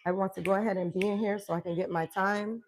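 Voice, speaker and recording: A woman's voice: medium pitch, fairly even intonation, quick pace, a little hiss or hum. Upbeat woman coach, emphatic affirmations. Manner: emphatic, affirming, laughs often. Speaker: wellness coach. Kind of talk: live-stream motivational chat.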